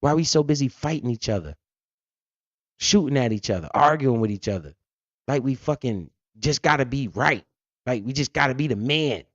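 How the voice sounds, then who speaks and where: A man's voice: mid-range voice, animated, moderate pace, no echo. A man hosting a finance livestream, explaining things bluntly with lots of profanity and asking and answering his own questions. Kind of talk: casual explanatory livestream talk. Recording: dull lo-fi stream audio.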